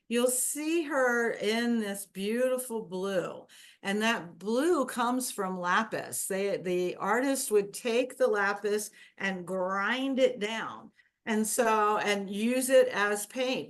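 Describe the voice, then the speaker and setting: A woman hosting a wellness workshop, teaching a group in a chatty, meandering way. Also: mid-range voice. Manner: chatty, meandering, with fillers and laughs.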